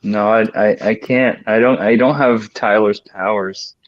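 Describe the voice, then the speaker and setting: A man's voice: lowish voice, steady tone, unhurried, slight background noise. This is a man joking around in a casual group chat on a live stream. He often hesitates and trails off. His voice comes through as muffled, lo-fi audio. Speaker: stream co-host.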